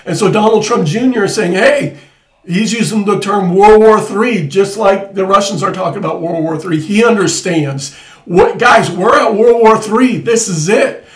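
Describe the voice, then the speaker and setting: A man's voice: high voice, normal speed, recorded from a distance. A man hosting alarmed political commentary, urgent and repetitive, building to emphatic outbursts. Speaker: host. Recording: echoey room, voice off-mic.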